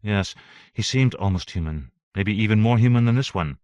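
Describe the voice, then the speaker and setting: A man voicing an uneasy, perceptive woman official in an audiobook, in a measured, muttering tone. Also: lowish voice, darkish tone, dry recording, highs cut off, natural voice. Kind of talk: audiobook character voice.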